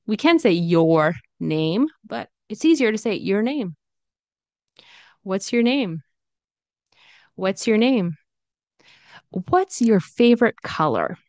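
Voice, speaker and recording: A woman teaching English pronunciation in an online lesson, speaking slowly and saying each example phrase over and over. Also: mid-range voice, no echo. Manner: slow, demonstrative, repeats example phrases.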